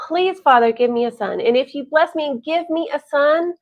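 A woman's voice: sits high, moderate pace, pitched above the performer's own voice. A woman voicing a pleading, grieving young mother-to-be.

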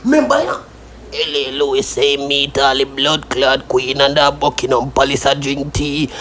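A woman with a Jamaican Patois accent in a loud, cursing, taunting social media rant. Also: very high-pitched. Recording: echoey room with faint noise.

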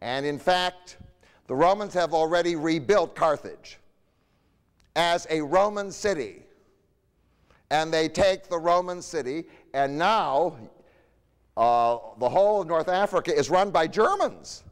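A man's voice: fairly high pitch, measured pace, clean tone, in a large hall. A man giving a history lecture in a conversational way, often tossing rhetorical questions to his audience.

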